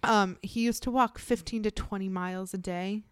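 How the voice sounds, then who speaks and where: A young woman co-hosts a podcast in a blunt, animated chat and swears freely. Her voice is smooth and resonant, recorded close and dry. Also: medium pitch, moderate pace, no room sound. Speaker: podcast co-host. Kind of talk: casual chat.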